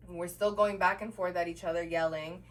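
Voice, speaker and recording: A woman's voice: lowish voice, normal speed, recorded from a distance. A woman co-hosting a podcast, casually telling a story and acting out the people in it, swearing freely. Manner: animated storytelling, acts out the people she quotes. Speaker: podcast co-host. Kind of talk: casual chat.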